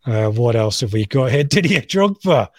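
A man co-hosts a casual live stream, reading viewer comments aloud with lots of ums and restarts. His voice sits at an ordinary pitch. The sound is dry and close. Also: animated, moderate pace, a little mellow, no room sound. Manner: rambling, many ums, reads names aloud. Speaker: co-host of a live fan stream.

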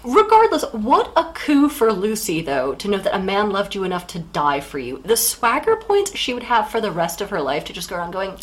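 A woman's voice: mid-range voice, big pitch swings, low-quality recording. A woman co-hosting a book podcast in casual chat, candid and wry. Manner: candid, wry, quick asides. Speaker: podcast co-host.

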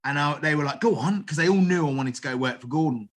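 A middle-aged man, a chef, telling stories in a casual interview, animated and full of restarts. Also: a little high, fast talker. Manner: animated, acts out quoted dialogue, frequent restarts. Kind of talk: casual storytelling.

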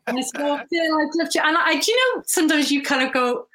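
A woman's voice: sits high, expressive, fast. A woman, telling stories in a casual chat, laughing often. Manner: warm storytelling, laughs often, mimics voices. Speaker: guest.

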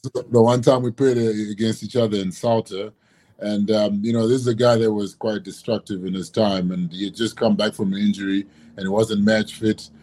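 Laid-back deep-voiced man, lots of fillers. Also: a little fast. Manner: relaxed, laughs often, many "you know" fillers. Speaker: guest, former rugby prop. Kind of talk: casual podcast chat.

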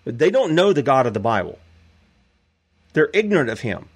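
A man's voice: mid-range voice, big pitch swings, normal speed, slightly rough. A man hosting a show, giving emphatic preacherly commentary.

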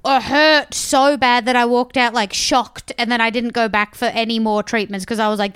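A woman's voice: on the high side, steady tone, moderate pace, hardly any pauses, a bit bright, clean tone, dry recording, clean studio sound. A young woman chatting playfully on a podcast, swearing casually and giggling.

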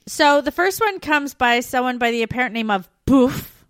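A woman co-hosting a travel podcast, relaxed and easygoing, with a slightly high voice. The sound is dry and close to the mic. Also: moderate pace, dry recording. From Canada. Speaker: podcast co-host. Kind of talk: casual chat.

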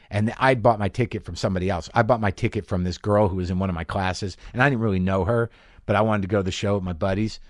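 A middle-aged man hosting a podcast, telling a comic story in a monologue and acting out his own panicked voice in sudden high bursts. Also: no echo, studio quality. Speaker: podcast host. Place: garage studio.

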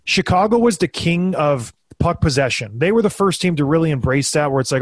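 A man in his thirties tells stories in a loose, animated chat, jumping up in pitch when he acts out what others said. His voice sits a bit high for a man. The sound is close and dry, with no room around it. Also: fairly quick, hardly any pauses, no room sound. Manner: animated, acts out quotes in a raised voice. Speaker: former hockey player, podcast co-host. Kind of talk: casual storytelling chat.

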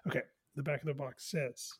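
A man co-hosting a podcast in casual chat, partly talking softly and whispering. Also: mid-range voice, level tone, brisk, breathy edge. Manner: chatty, whispering later to keep quiet. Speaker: podcast co-host.

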